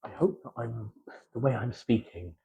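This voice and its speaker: A man with a Gloucestershire accent chatting softly in a slow, halting ASMR style, with many pauses and drifts into whispering, close to the microphone. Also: mid-range voice, creaky, husky, low-quality recording. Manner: soft-spoken, slipping into whispers. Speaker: ASMR creator. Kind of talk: soft-spoken ASMR chat.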